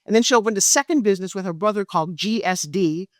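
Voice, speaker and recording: A middle-aged woman, a guest in an interview, telling her story with animated energy and acting out quoted dialogue. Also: fast talker, no room sound, clean studio sound. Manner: acts out quoted dialogue with lively pitch jumps. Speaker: guest, pitch expert and speaker.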